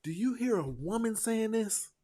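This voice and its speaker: An emphatic man hosts a casual talk show, pressing his points hard. His voice sits a bit high for a man and swings widely in pitch as he gets worked up. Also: normal speed. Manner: animated, emphatic, calls listeners bro. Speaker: podcast host.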